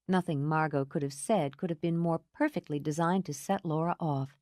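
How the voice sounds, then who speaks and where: A woman narrating a romance audiobook in an expressive storytelling manner. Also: deep voice, normal speed, few pauses, no echo, clean studio sound. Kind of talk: scripted narration.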